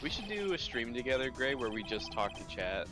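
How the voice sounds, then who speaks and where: A man's voice: medium pitch, sing-song, fairly quick, over music. A man co-streaming a game, chatting casually with wry, joking asides. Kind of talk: casual let's-play chat.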